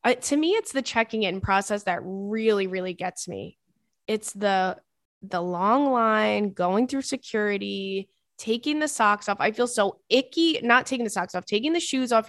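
Gravelly-voiced woman podcast host. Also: medium pitch, a bit bright, no room sound, studio quality. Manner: chatty, swears freely, rambling asides. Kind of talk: casual chat reading listener emails.

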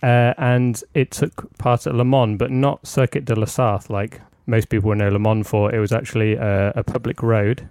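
A man's voice: mid-range voice, fairly even intonation, normal speed, few pauses, a little mellow, smooth, no room sound, studio quality. A man co-hosting a casual podcast, recounting history with hesitant, filler-heavy storytelling. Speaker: podcast co-host.

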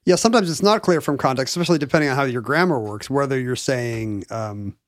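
A man co-hosting a casual chat, wondering aloud with wry quick asides. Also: medium pitch, dry recording, clean studio sound.

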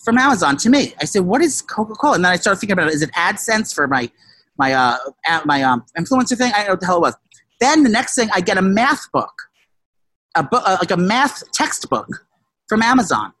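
A casual, profane storyteller who rambles with many restarts and shouted quotes. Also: male voice, sits high, big pitch swings, brisk, no room sound. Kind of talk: casual chat.

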